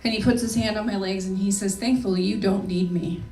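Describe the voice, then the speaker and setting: A woman's voice: mid-range voice, fairly even intonation, brisk, dark tone. Candid woman telling a story in an echoey hall. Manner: candid, emotional storytelling with casual swearing. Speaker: speaker. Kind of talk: personal story talk. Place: event hall. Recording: echoey room from far off.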